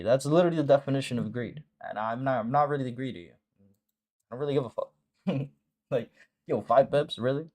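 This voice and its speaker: A man's voice: mid-range voice, a little mellow. A man hosting a live trading stream, talking casually and bluntly to viewers, swearing and repeating short phrases for emphasis. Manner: blunt and profane, talks straight to viewers with slang. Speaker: forex trading mentor and stream host.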